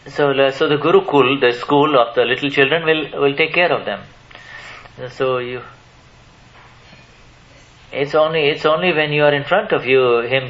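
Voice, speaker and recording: A man's voice: medium pitch, a bit bright, lo-fi sound. Hesitant man answering spiritual questions. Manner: hesitant, many restarts, asks the audience questions. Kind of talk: spiritual Q&A talk to a live audience.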